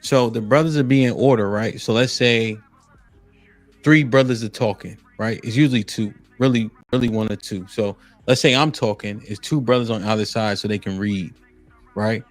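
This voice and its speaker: A man's voice: lowish voice, moderate pace, no room sound, soft background music. Laid-back man explaining, dry close mic. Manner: laid-back, explanatory, says "right?" often. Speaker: podcast host. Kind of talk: casual conversation.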